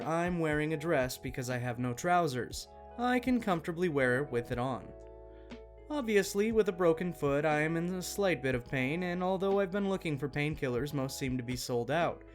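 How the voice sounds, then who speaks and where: A man reading out a written story as the channel's narrator, in an even, matter-of-fact way. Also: fairly high pitch. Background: faint guitar music.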